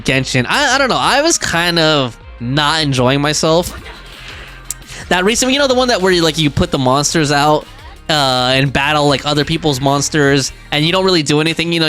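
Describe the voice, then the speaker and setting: Lively, chatty male game streamer. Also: fairly high pitch. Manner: chatty and rambling, reads chat aloud. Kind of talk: live gameplay commentary.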